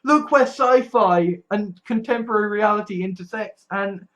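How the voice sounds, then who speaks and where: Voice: mid-range voice, moderate pace, fairly bright tone. A vlogger talking anxiously about the future, swearing often and restarting phrases, scared and distressed. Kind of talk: personal political vlog.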